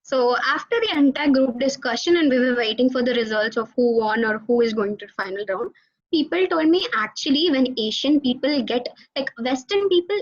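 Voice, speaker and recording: A young woman, giving an animated alumni talk to students over a video call. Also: high-pitched. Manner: animated storytelling, addresses audience directly. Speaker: alumni guest speaker. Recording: dull lo-fi video call audio.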